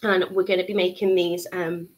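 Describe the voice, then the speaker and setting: A woman's voice: fairly low pitch, little pitch movement, moderate pace. A young woman hosting a live bead-craft tutorial stream, bubbly and chatty, greeting viewers and filling gaps with lots of ums. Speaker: bead shop tutorial host.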